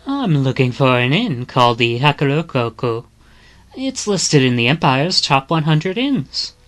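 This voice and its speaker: A woman's voice: extremely low pitch, sing-song, measured pace, exaggerated voice. A woman voicing a cheerful, blunt young woman with no filter, in a chirpy sing-song manner, while reading a visual novel aloud. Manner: chirpy, sing-song, calls people love.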